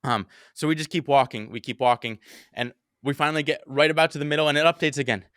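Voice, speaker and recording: A young man hosting a podcast, casually telling a story with lots of swearing and animated quotes. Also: a little high, fast talker, no echo, clean studio sound. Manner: animated, swears often, acts out his own panicked quotes.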